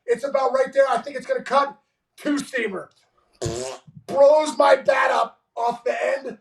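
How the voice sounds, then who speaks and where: Excitable high gravelly man, roomy. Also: unhurried, far from the mic, background noise. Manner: excitable, profane, stammering restarts. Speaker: guest, former ballplayer. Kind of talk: animated storytelling.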